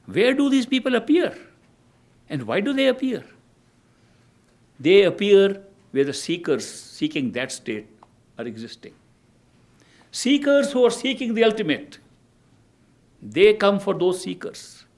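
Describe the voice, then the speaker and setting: An older man giving a spiritual discourse as a teacher, telling stories in a measured way and often restarting his phrases. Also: high-pitched, very animated.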